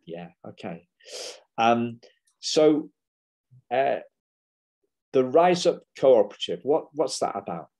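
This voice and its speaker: A man's voice: mid-range voice, very animated, slow pace, long pauses, dark tone, dull audio. A man hosting a podcast interview, speaking with frequent restarts and fillers. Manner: hesitant, many restarts. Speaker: podcast host.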